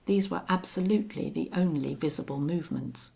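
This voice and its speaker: A woman narrating a western audiobook in a steady, measured reading. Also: deep voice, vocal fry.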